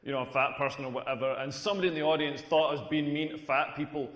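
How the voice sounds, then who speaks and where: High-voiced male stand-up comic, crude and deadpan, echoey hall. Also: rapid-fire. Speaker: stand-up comedian. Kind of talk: stand-up comedy routine. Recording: echoey hall with long reverb.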